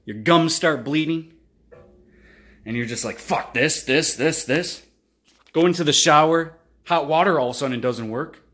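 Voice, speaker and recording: A man hosting his own channel delivers an animated, casual motivational monologue, swearing freely as he acts out frustrated outbursts. His pitch is fairly high and his pace moderate.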